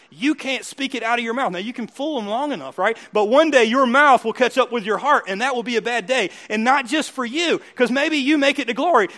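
A man preaching from the pulpit in a high voice, asking his listeners question after question. He builds to loud, emphatic peaks, then drops into quiet, soft asides. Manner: asks the listeners questions again and again. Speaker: pastor. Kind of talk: sermon.

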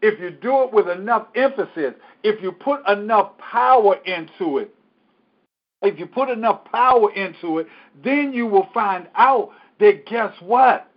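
A man's voice: high voice, expressive, measured pace, dull audio. A man teaching a Bible study as pastor, preaching emphatically and repeating scripture.

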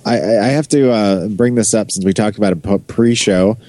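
A man's voice: fairly low pitch, a little fast, no echo. An American man co-hosting a podcast, joking around and asking questions in a casual chat. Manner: animated, joking, asks lots of questions. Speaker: podcast co-host.

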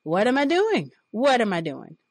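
A woman voicing a bullying, lecherous male cafeteria manager who yells and sneers, in a dry recording. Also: medium pitch, sing-song, normal speed, breathy edge, dry recording. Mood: mock-innocent. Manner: shouting, sneering, crude.

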